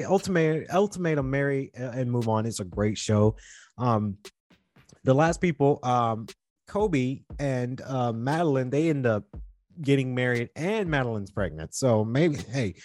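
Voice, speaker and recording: A man's voice: mid-range voice, no echo, studio quality. A young man hosting a podcast in a casual monologue, rambling and earnest, often restarting his sentences. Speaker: podcast host.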